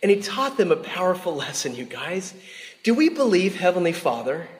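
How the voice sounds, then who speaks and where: Lively man preaching in a reverberant hall. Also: high voice, normal speed. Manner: lively, chatty, laughs often, calls listeners "you guys". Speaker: devotional speaker. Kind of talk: storytelling sermon to a live audience.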